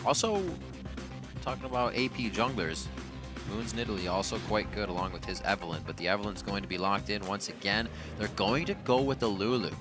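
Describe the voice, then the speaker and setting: A man casting an esports match play-by-play, excitable and jumping in pitch for emphasis. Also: a little fast. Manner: excited, jumps high in pitch when stressing points. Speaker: esports caster. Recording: commentary over game music.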